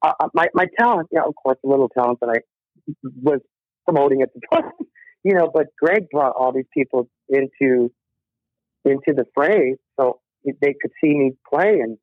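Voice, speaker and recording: A man's voice: mid-range voice, moderate pace, no echo. A middle-aged man, a rock musician guest, telling stories in a casual interview, acting out quotes and laughing often. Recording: tinny dry phone line.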